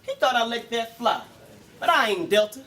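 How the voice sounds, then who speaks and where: Man, high voice, live christian battle rap, rhythmic, preachy, punchlines. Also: expressive, moderate pace, bright, forceful tone. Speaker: battle rapper. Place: live battle event with an audience.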